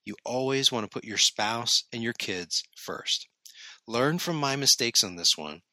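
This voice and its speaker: Man in his thirties, solo podcast host, crisp bright tone, dry recording, easygoing scripted chat with a wink. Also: medium pitch, lively intonation, measured pace, no room sound. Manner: friendly, conversational, lightly humorous.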